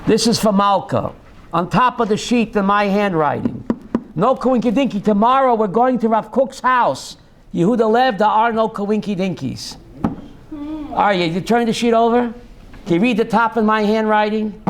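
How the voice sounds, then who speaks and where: A man's voice: sits high, normal speed, a little hiss or hum. A man, a rabbi teaching a class, who reads Hebrew text aloud, translates it, and quizzes his students by name.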